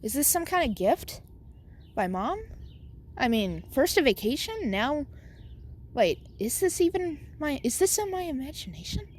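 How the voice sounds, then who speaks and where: An eager teenage boy hero marvels and exclaims as he figures things out, with a somewhat high, unhurried voice, as a woman plays him. He sounds like the hero of a homemade fan story. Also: big pitch swings. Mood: curious. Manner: wide-eyed, eager exclamations.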